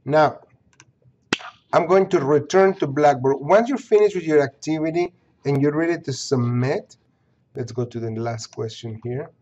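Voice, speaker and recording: A man's voice: a little high, normal speed, a little mellow, muffled recording, slight background noise. A man teaching an online course, walking students through its pages step by step, repeating points and checking in with "okay?". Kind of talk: screen-recorded course walkthrough.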